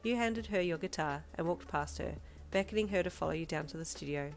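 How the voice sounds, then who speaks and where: A woman with a low voice narrates a romantic fan fiction story in second person. She keeps a calm, even storytelling pace. Soft music runs faintly behind her. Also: fairly quick.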